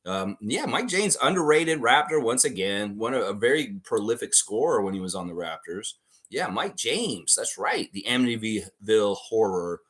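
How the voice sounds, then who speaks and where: A man hosting a live trivia stream in a casual, excitable way, reading out chat names and answers. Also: lowish voice, moderate pace. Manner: excitable, breaks into loud whoops and laughs, reads chat names.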